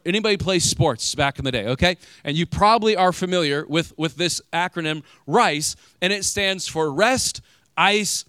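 A man's voice: on the high side, sharp tone, clean tone, no room sound. A man preaching a sermon to a congregation in a conversational way, asking them questions as he retells a Bible story. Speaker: pastor.

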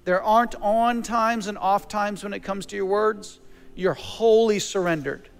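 A preacher with a notably high voice delivers an impassioned sermon, sliding from teaching into prayer. His words ring out with a long reverb tail, and soft music sits faintly underneath. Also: a little slow, creaky, clear, resonant tone. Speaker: pastor.

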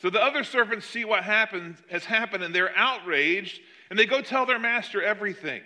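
A man preaching a sermon, retelling a parable with animated emphasis. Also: high voice, fairly quick, hardly any pauses. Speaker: pastor.

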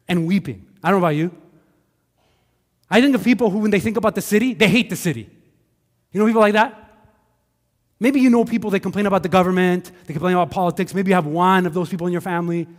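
A man with a Quebec accent preaching a conversational sermon as a pastor, animated and full of acted asides. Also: high voice, brisk, long pauses, long reverb tail. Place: church sanctuary.

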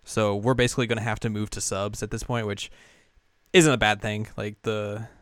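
Laid-back man, smooth low voice. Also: steady tone, dry recording, clean studio sound. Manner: laid-back, halting, many fillers like "like". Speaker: podcast co-host. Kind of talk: casual chat.

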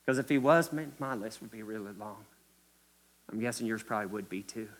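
A man's voice: fairly low pitch, a little fast. A man from Kentucky with a Kentucky accent, preaching a sermon as a pastor in a church, repeating key phrases with emphasis and speaking straight to the congregation. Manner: emphatic, repetitive, addresses the congregation directly.

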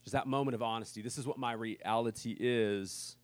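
A man preaching a sermon as pastor, earnest and conversational, moving between loud emphatic bursts and soft, quiet reading. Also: mid-range voice, steady tone, fairly quick, no room sound.

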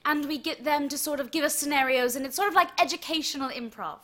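A woman's voice: high voice, quick pace, fairly bright tone. A woman co-hosting a comedy show, earnest and cheerful, a little flustered. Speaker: comedy co-host, sketch performer. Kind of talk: improvised comedy banter.

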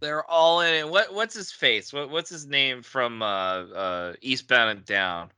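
A man's voice: medium pitch, unhurried, pushed and bright, clean tone, dry recording. A man chatting casually as a podcast co-host, often laughing and stumbling over repeated words. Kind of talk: casual chat.

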